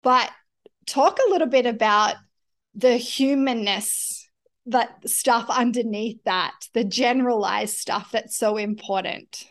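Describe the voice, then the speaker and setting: A woman's voice: fairly high pitch, takes it slowly. A woman interviewing a guest, thinking aloud with hesitant, searching phrasing. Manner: searching, hesitant, laughs easily. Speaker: interviewer, host. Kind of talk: conversational interview.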